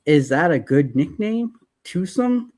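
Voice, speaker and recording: A man's voice: medium pitch, a little slow. Jokey man reading comic blurbs. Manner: jokey, reads out blurbs with asides. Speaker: podcast host. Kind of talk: casual comics review chat.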